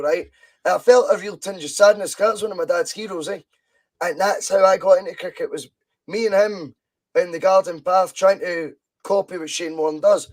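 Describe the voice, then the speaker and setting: A Scottish man in his thirties with a high voice rattles on in a casual podcast, excitable and sweary. He drifts from point to point over a video call. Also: rough recording. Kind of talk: casual football podcast chat.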